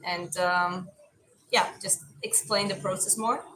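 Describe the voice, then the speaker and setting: A woman's voice: mid-range voice, fairly even intonation, takes it slowly, pushed and bright, slight background noise, poor audio. Chatty woman with a mild Eastern European accent. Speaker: livestream host and boxing coach. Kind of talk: casual chat reading viewer comments.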